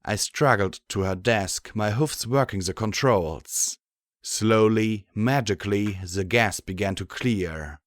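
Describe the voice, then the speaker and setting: A man reading a fan fiction audiobook in a steady, measured way. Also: lowish voice, dry recording, clean studio sound. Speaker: audiobook narrator.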